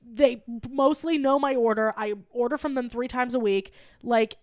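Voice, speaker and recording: A woman's voice: on the high side, moderate pace, dry recording, studio quality. A young adult woman on a comedy podcast, telling a story in casual chat, acting out the quotes and swearing freely. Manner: animated, acts out quoted dialogue, swears casually. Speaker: podcast co-host.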